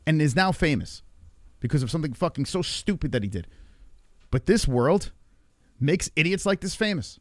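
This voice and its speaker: A man hosting a livestream, loud and profane, reacting to a clip and talking to his chat. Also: on the high side, no room sound, studio quality. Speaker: livestream host. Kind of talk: casual livestream commentary.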